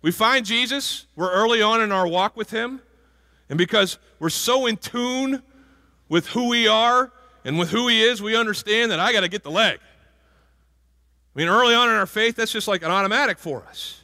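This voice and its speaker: A man's voice: sits high, normal speed, sharp tone. A male pastor giving a conversational sermon and asking the congregation questions. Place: church sanctuary. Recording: hall reverb from a church.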